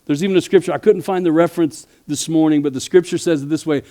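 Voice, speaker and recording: Male pastor, sermon, higher-pitched voice, shifts from quiet storytelling to loud preaching. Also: steady tone, fast talker, few pauses.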